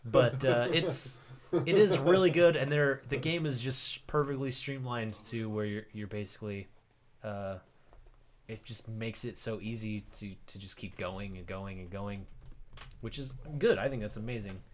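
A man's voice: lowish voice, moderate pace, a little hiss or hum. A man chatting casually as a podcast co-host, acting out quoted voices and laughing often. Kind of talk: casual chat.

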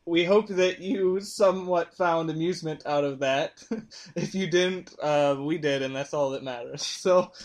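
A man hosting a casual podcast, easygoing and quick to laugh. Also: on the high side. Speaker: podcast host.

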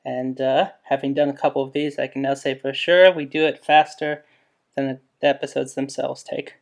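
A man's voice: medium pitch, little pitch movement, moderate pace, creaky. A man hosting a podcast, introducing the show and teasing his co-host with dry humor. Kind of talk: casual chat.

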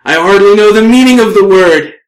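A man's voice: high voice, brisk, roomy sound, voice pushed up, close to an everyday voice, rough recording. A man voicing a cold, haughty elven woman who speaks curtly and dismissively. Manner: curt and dismissive.

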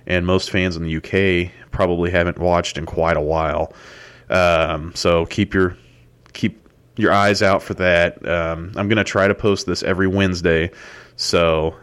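A man's voice: sits low, smooth. A man hosting his own podcast, talking in a loose, rambling way with many fillers and restarts. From United States. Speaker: podcast host. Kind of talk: solo podcast monologue.

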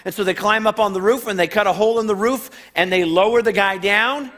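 High-voiced man preaching a sermon. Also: fast, a bit bright. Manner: conversational, emphatic, repeats phrases for build-up. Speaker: pastor.

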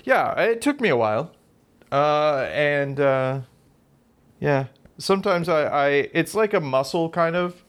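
A man's voice: on the high side, lively intonation, measured pace, clear, resonant tone. A man co-hosting a podcast in casual chat, telling rambling self-deprecating stories full of fillers. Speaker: podcast co-host.

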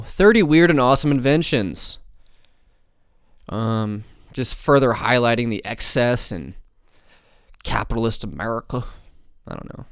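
A man's voice: medium pitch, clean tone, no echo, studio quality. A young man hosting a podcast alone, rambling casually with lots of swearing, fillers and tangents. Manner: rambling, profane, many fillers and asides. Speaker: podcast host.

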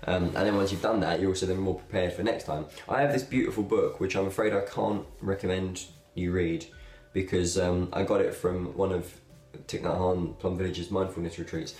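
A man's voice: sits low, a little fast, few pauses, soft background music. A young man, talking casually and thoughtfully to his camera as a video blogger, rambling a little with fillers. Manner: relaxed, rambling, with fillers and laughs. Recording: echoey room.

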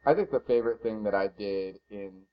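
A man co-hosting a podcast in casual chat, animated and quick to exclaim. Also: lowish voice, clean tone, highs cut off. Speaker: podcast co-host.

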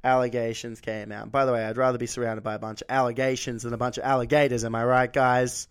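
A man's voice: mid-range voice, level tone, quick pace, smooth. A man co-hosting a podcast, chatting casually and making puns. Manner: jokey, punning. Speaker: podcast co-host. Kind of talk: casual chat.

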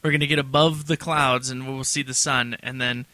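A man's voice: mid-range voice, steady tone, normal speed, sharp tone, no echo. A man co-hosting a podcast in casual chat, rambling easily through a story. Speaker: podcast co-host.

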